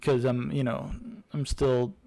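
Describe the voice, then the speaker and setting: Slow, rambling young man reviewing games. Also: medium pitch, little pitch movement, creaky, dark tone, poor audio. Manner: rambling, hesitant, many fillers and restarts. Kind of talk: casual spoken review.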